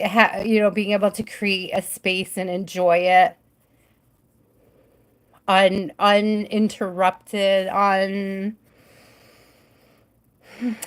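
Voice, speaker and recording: A woman hosting a live tarot reading stream, chatty and giggly, often trailing off mid-thought. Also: mid-range voice.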